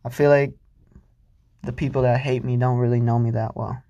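A man's voice: medium pitch, level tone, normal speed, warm tone, dry recording, muffled recording. A young man hosting a solo podcast, rambling casually and swearing freely, mocking himself as he goes. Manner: rambling, profane, self-mocking. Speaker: podcast host.

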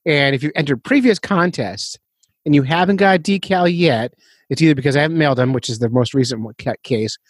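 A man's voice: on the high side, a little fast, dry recording. A man hosting a fishing podcast in a casual, rambling, self-deprecating way, laughing often. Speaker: podcast host.

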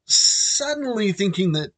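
A man with an Australian accent telling a comic personal anecdote, animated and laughing between phrases. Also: high voice, unhurried, dry recording. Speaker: storyteller.

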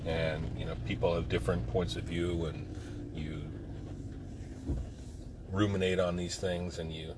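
A middle-aged man talking in a casual, rambling monologue, profane and given to sudden loud outbursts. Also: deep voice, level tone, unhurried, long pauses. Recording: loud road noise behind.

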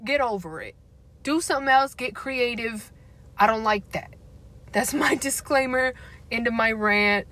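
A woman's voice: a little high, a little slow, a bit bright. A young woman ranting candidly, blunt and profane and laughing often. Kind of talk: candid casual rant.

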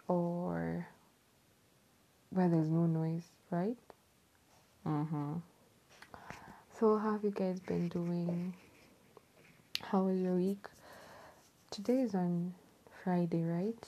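A woman from Kenya hosting her own podcast at home late at night, chatting casually in a hushed, half-whispered voice, laughing often and repeating words. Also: on the low side, vocal fry, low-quality recording. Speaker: podcast host. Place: home at night, people asleep.

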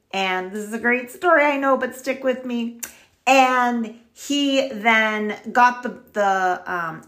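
A woman podcast host retelling a story in a casual, chatty way and talking straight to her listeners. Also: mid-range voice. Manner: chatty, animated, addresses listeners directly.

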